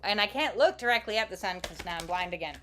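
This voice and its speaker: This is a woman's fast, animated voice of medium pitch with a fairly bright tone, over a slight hiss or hum. She runs a casual card-reading livestream, rambling and joking with viewers and swearing now and then.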